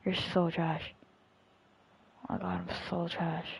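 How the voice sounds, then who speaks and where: A young man commentating his own football video game and trash-talking his friends in a teasing, excitable way. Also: sits high, unhurried, gravelly, highs cut off. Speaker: gamer streaming a football match. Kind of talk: casual gaming commentary.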